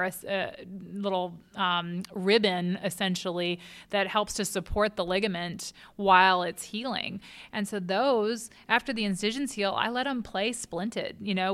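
A woman's voice: mid-range voice, bright, forceful tone, clear, resonant tone. A woman in her thirties, a hand surgeon, explaining treatment in a relatable, knowledgeable way with frequent fillers. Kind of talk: clinical explanation in an interview.

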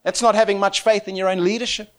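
A man preaching and telling a story with excitement. He laughs often and swings between quiet and loud. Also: high-pitched, fast. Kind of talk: animated storytelling sermon.

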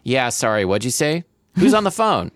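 A man's voice: medium pitch, animated, normal speed, a bit bright, dry recording, studio quality, close to an everyday voice. A man reading aloud as a distracted young male nanny, with a casual, slightly dazed delivery.

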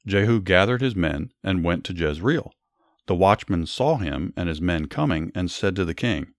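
A man narrates Bible stories and then explains them, reading in a measured, earnest way. His voice sits low. The sound is dry, with no room echo. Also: animated. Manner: measured, earnest reading, small restarts in commentary. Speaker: storyteller and Bible teacher. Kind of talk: Bible story narration with commentary.

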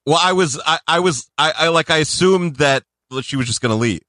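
A man co-hosting a podcast, talking in a halting, stammering, sheepish way. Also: a little high, animated, pushed and bright, no room sound, studio quality. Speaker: podcast co-host. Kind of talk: casual podcast chat.

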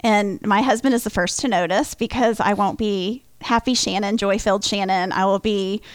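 A woman's voice: mid-range voice, fairly even intonation, moderate pace, clear, resonant tone, dry recording. A woman in her forties, a business owner being interviewed on a radio show, answering in an upbeat, conversational way. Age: 40s. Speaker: franchise business owner, guest.

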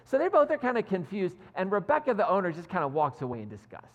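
A male pastor delivering a sermon in animated storytelling mode, with self-deprecating asides. His pitch moves widely and expressively. The voice carries a long reverb from a church sanctuary. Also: quick pace, lo-fi sound.

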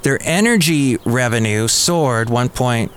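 A man's voice: mid-range voice, expressive, measured pace, a bit bright, slight background noise. Chatty male podcast host. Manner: chatty, conversational storytelling. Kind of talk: casual news chat. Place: cafe.

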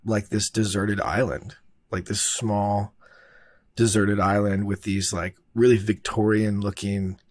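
Laid-back man with a lower voice. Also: flat delivery, a little slow. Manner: rambling, laid-back, heavy on fillers and swearing. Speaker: filmmaker telling a production story. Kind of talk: casual storytelling.

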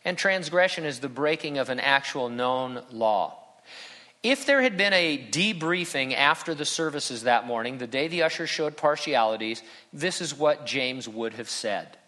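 A man's voice: mid-range voice, expressive, normal speed. A middle-aged man preaching a sermon as pastor, conversational and humorous, with emphatic turns. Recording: bright voice in a hall with long reverb.

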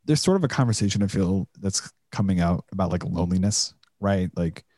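A man's voice: low voice, expressive, brisk, warm tone, no echo. A man hosting a podcast, asking questions in a loose, affirming way with plenty of "like" and restarts. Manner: affirming, rambling follow-up questions. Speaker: podcast host. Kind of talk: casual podcast conversation.

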